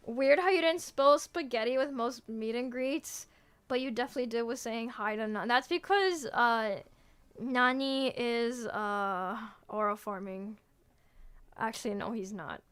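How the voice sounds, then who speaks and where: A young woman VTuber casually chats with and answers her viewers, playful and teasing, laughing a lot and cutting herself off mid-sentence. Her voice is on the high side and clean, at a measured pace.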